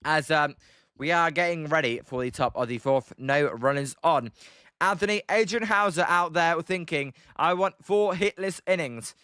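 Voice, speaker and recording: A man's voice: a little high, moderate pace, pushed and bright, smooth, no echo, clean studio sound. A young British man giving casual play-by-play of a baseball game on a livestream, rambling with frequent ums and answering chat by name.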